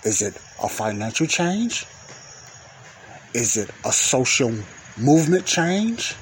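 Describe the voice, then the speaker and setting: A man talks through a loose, unscripted sermon outdoors at night, circling back to the same questions and leaning on "you know" and "okay." His voice sits at an ordinary middle pitch. A faint hiss of wind and outdoor air runs underneath. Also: sing-song, slow pace, poor audio. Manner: repeats phrases, asks rhetorical questions, peppers with "you know" and "okay". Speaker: podcast host and lay preacher. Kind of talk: rambling spoken teaching with prayer. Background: wind and faint outdoor ambience.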